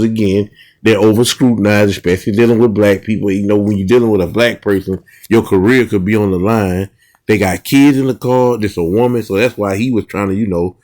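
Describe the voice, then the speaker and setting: A man's voice: lowish voice, darkish tone. Man casually breaking down bodycam footage. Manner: conversational, emphatic, informal. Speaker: commentator reacting to bodycam footage. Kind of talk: casual commentary.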